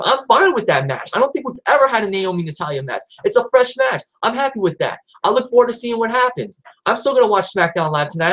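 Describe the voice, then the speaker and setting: A man ranting in a vlog about wrestling booking, frustrated and exasperated, with frequent restarts and sudden jumps up in pitch when he gets riled. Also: fairly bright tone. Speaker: wrestling YouTuber.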